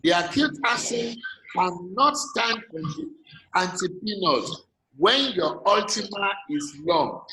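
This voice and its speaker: A man's voice: high-pitched, lively intonation, slow, bright, forceful tone. A man with a Nigerian English accent teaching an online class, patiently checking that his students follow. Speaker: lecturer. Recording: echoey room, faint noise.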